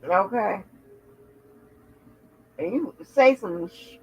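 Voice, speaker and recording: Woman, channel host, casual livestream chat, sassy, profane, animated asides, sharp bright tone. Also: medium pitch, moderate pace, lo-fi sound. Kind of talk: casual livestream commentary, chatting with viewers.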